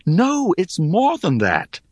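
A man's voice: high voice, wildly swooping pitch, takes it slowly, darkish tone, breathy edge, no room sound, clean studio sound, voice pushed up, exaggerated voice. A man voicing an earnest young hero who speaks urgently and insistently.

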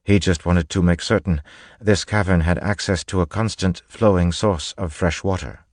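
A man voicing a calm, scholarly man who speaks in a measured, formal way. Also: low-pitched, no room sound, studio quality, voice pushed up.

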